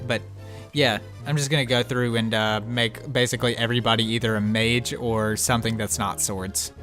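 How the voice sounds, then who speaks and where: A man at mid pitch talks casually while he plays a video game, cursing freely and laughing between thoughts. His talk is loose and unhurried. Faint game music plays beneath his voice. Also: steady tone, a bit bright. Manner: laid-back, swears freely, laughs often. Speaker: let's play co-host. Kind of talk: casual gameplay chat.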